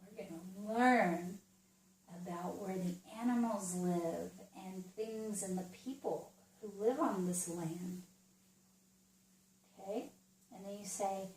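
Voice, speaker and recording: A woman's voice: medium pitch, a little mellow, recorded from a distance. A woman who teaches in the Montessori way, demonstrating a geography lesson for young children with patient, childlike prompts. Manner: slow, patient, speaks as if to a small child. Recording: roomy, from away from the mic.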